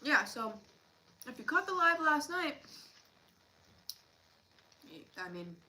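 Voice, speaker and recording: A woman's voice: high-pitched, big pitch swings, takes it slowly, pushed and bright, low-quality recording. A woman co-hosting a casual livestream, chatting and rambling with lots of fillers while she eats. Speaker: livestream co-host.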